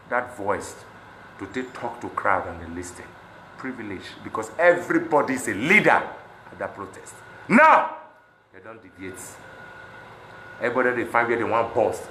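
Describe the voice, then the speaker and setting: A Nigerian man with a Pidgin-inflected accent, speaking in an impassioned monologue that swings between loud outbursts and low muttering. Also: big pitch swings, moderate pace, a little hiss or hum. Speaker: celebrity speaking on protests. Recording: echoey room.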